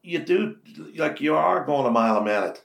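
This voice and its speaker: A man in his sixties from Belfast with a West Belfast accent, a radio host chatting as an interview guest, telling stories in animated bursts with many restarts. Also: fairly high pitch, moderate pace, vocal fry. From Northern Ireland. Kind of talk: casual interview chat. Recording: echoey office room.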